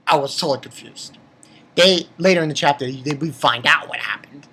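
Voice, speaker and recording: A man giving an excitable, rambling recap of a manga chapter, repeating himself, swearing casually and jumping into high squeaky voices when he quotes. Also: moderate pace, breathy edge. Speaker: manga reviewer.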